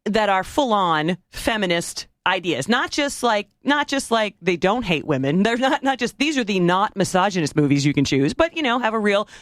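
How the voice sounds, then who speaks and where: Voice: medium pitch, very animated, normal speed, hardly any pauses, fairly bright tone, no echo. Give me a chatty, upbeat podcast co-host with a mid-range voice. They talk casually and laugh easily. The sound is close and dry.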